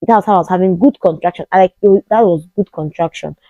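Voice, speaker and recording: A Nigerian woman in her thirties speaks with a Nigerian accent in a slightly low, mellow voice. She tells a personal story to the camera and acts out the voices of the people in it. The sound is close and dry, with no room echo. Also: fast, highs cut off. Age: 30s. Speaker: vlogger.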